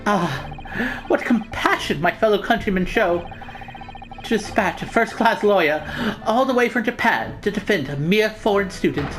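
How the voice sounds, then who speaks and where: A woman's voice: medium pitch, lively intonation, normal speed, music in the background, close to an everyday voice, poor audio. A woman voicing a dramatic, paranoid young Japanese male student who talks in grandiose alliterative flourishes while reading a game aloud. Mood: theatrical. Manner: grandiose, alliterative, theatrical outbursts.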